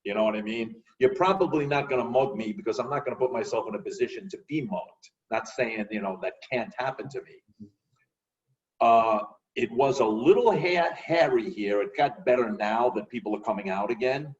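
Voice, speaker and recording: A man telling lively stories in a casual conversation. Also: mid-range voice, normal speed, distant mic, highs cut off. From New York. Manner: animated, acts out voices in his stories. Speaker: guest.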